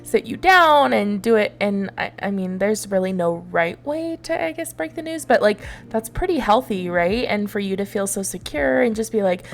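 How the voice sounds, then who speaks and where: A woman's voice: medium pitch, animated, normal speed, creaky, hardly any pauses. A woman guest in casual podcast chat, reacting and praising with an easygoing manner.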